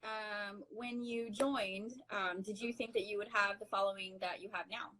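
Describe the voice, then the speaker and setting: A woman's voice: medium pitch, steady tone, normal speed, bright, forceful tone, poor audio. A woman hosting a live video interview, giggling a lot as she chats and reads out viewer comments. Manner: giggly, laughing often. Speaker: live stream host. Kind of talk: casual chat on a live stream. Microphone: phone or computer mic on a video call.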